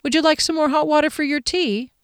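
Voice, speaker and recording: A woman's voice: high-pitched, steady tone, a little fast, dry recording, clean studio sound, voice pushed up, lightly acted. A woman voicing a curt, snippy female restaurant server in an audiobook, with clipped, short delivery. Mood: high and curt.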